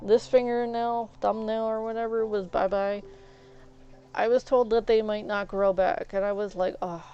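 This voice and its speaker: A young woman with a fairly high, smooth voice chats on a live stream and tells a long personal story in a rambling, animated way. She keeps slipping into quoted exchanges as she talks. The sound is dull and lo-fi, like typical home stream audio. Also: normal speed. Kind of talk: casual storytelling while gaming.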